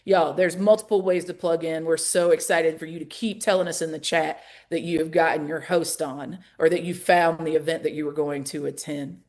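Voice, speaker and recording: A woman's voice: low-pitched, moderate pace, hardly any pauses. A Southern-accented woman runs an online rally call with lots of energy. She talks in a folksy way and keeps calling out to her listeners as she hosts. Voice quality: lively, folksy, calls out to the audience. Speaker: call host and organizer.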